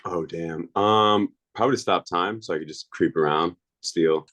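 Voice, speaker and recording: A man's voice: sits low, normal speed, fairly bright tone. A man being interviewed as a league coach, answering casually and thinking aloud with hums.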